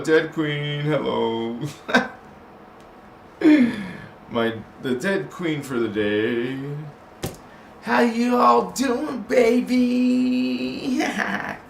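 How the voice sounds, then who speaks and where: A man's voice: medium pitch, fairly bright tone. A man hosting a casual livestream chat, talking loosely with the audience, laughing often and slipping into chanted made-up words. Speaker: livestream host. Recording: roomy, with faint background hiss.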